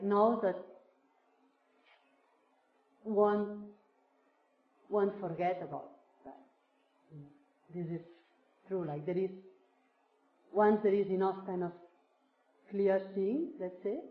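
Slow woman doing a reflective spiritual talk, lots of "like", echoey room, kinda muffled. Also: fairly low pitch. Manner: slow, searching, many fillers like "like". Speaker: speaker sharing a teacher's words with a group. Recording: roomy, dull lo-fi sound.

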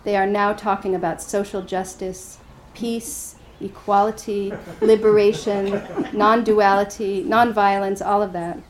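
A woman's voice: medium pitch, little pitch movement, unhurried, few pauses, a little hiss or hum, natural voice. Woman voicing a weary male demon lord. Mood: weary complaint. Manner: complaining, exasperated.

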